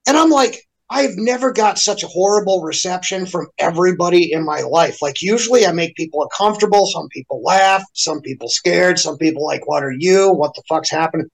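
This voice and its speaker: A man's voice: high voice, a little fast, gravelly, hardly any pauses, rough recording. A man in a casual podcast chat, ranting heatedly with constant swearing and mocking impressions of other people. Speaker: podcast guest. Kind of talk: profane casual rant.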